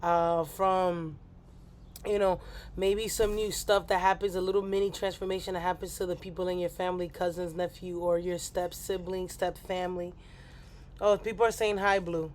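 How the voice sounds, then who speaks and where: A woman's voice: lowish voice, little pitch movement, normal speed, darkish tone, slight background noise. Rambling woman hosting a livestream. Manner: rambling, playful, apologetic asides. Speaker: astrology livestream host. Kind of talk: casual livestream chat.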